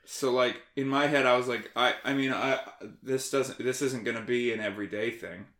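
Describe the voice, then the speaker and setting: A man talking as a guest in a casual conversation, animated, sarcastic and freely profane. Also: medium pitch, normal speed. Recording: roomy echo.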